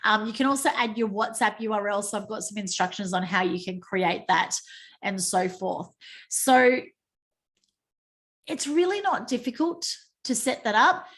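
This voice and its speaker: An Australian woman hosting a team training call, chatty and quick to joke at her own typing slips. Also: fairly high pitch, a bit bright. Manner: chatty, self-mocking, exclaims over slips. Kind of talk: screen-share training call. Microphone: video call.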